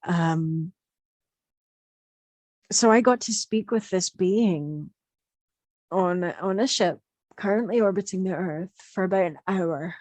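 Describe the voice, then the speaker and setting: A woman who works as a quantum healing practitioner, gently recounting a session in a soft, hesitant reflective monologue full of fillers. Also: lowish voice, no room sound. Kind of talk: reflective spoken monologue sharing channelled messages.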